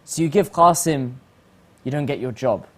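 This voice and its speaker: A man hosting a reflective religious talk, animated and acting out the voices he quotes. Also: on the high side, moderate pace. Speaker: host.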